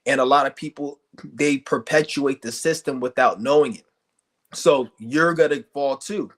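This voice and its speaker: A man vents on a livestream, swearing freely and hammering away with rhetorical questions. His voice sits at a middle pitch, and his insults are blunt and heated. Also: moderate pace, a bit bright. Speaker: streamer ranting to viewers. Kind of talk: angry vlog rant.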